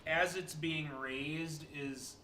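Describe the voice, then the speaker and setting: A man narrating a tabletop game as game master, relaxed and hesitant with many fillers. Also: fairly high pitch, drawn-out words, loud music behind the voice. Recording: echoey room with background noise.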